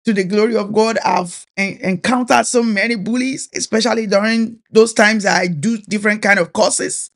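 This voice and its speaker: A woman minister whose first language is Yoruba preaches a sermon in a Nigerian accent, with steady, earnest urgency at a medium pitch and moderate pace, pausing little. She exhorts her listeners and hammers home her main points through repetition.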